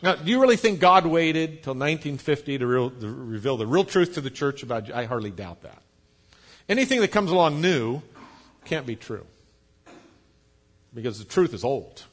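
A pastor preaching a sermon, explaining patiently, spelling out words, with light jokes for the congregation. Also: male voice, medium pitch, sing-song, normal speed. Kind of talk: sermon teaching.

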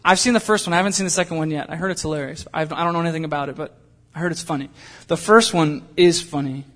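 A man's voice: fairly high pitch, steady tone, quick pace, a bit bright. A young adult man preaching as a pastor, talking conversationally with jokes and personal asides. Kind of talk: sermon.

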